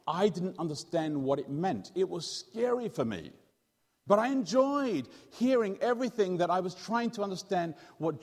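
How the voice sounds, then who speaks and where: Pastor telling a playful sermon story. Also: male voice, on the high side, big-room sound. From England. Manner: animated, jokey, quizzes the audience.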